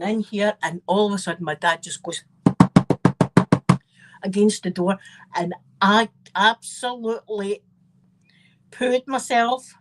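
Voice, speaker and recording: A woman with a Scottish accent telling rambling, animated family anecdotes in a casual chat, with frequent asides. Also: medium pitch. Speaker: channel host.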